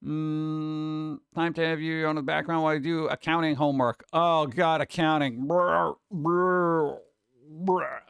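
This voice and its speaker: A man hosting a live stream and chatting casually with viewers, animated and loose, often slipping into mock voices. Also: a little high, moderate pace, smooth, no echo, clean studio sound. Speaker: streamer host.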